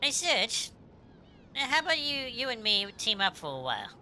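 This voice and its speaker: A woman's voice: fairly low pitch, expressive, normal speed, bright, forceful tone, slight background noise. A woman voicing a brash, cocky young female thief from a game, tough and slangy, reading the dialogue aloud.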